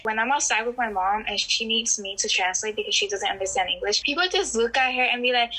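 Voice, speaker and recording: A woman's voice: mid-range voice, a little fast, pushed and bright, low-quality recording. A teenage girl from the Dominican Republic, telling personal stories on a student podcast and filling her talk with "like". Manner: frequent "like" fillers, earnest. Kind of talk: casual personal storytelling.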